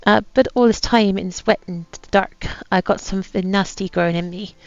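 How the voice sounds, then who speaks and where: Woman doing a gravelly old pirate captain, boastful and bitter, rough put-on pirate accent, low, dull lo-fi sound. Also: steady tone, fairly quick, no echo, close to an everyday voice. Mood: rueful. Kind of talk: reading a journal aloud in character.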